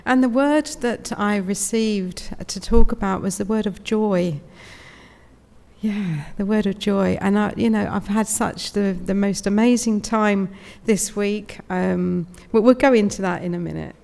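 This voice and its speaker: A woman's voice: medium pitch, measured pace, creaky, a little mellow. A British woman, around fifty, giving a chatty, emotional inspirational talk as a guest speaker, laughing often. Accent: British English. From United Kingdom. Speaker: guest speaker at a spiritualist service. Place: large hall, indoors. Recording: long hall reverb, live room.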